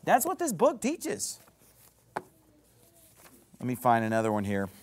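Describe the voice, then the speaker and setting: A male pastor preaching a fiery, impassioned sermon that rises to shouts. He says himself that he is getting worked up. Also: mid-range voice, huge pitch swings, measured pace, a little hiss or hum.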